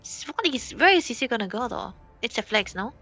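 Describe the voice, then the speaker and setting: A woman's voice: fairly high pitch, very animated, brisk, pushed and bright, faint music behind. A woman commentating an esports tournament draft live, chatty and thinking aloud as she reacts to each pick and ban. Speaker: esports caster.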